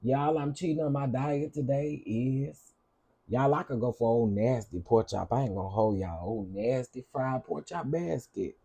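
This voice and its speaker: A man's voice: medium pitch, normal speed, gravelly, warm tone, breathy edge. A man hosting a cooking channel, chatting casually with his livestream viewers, greeting them by name and repeating himself often.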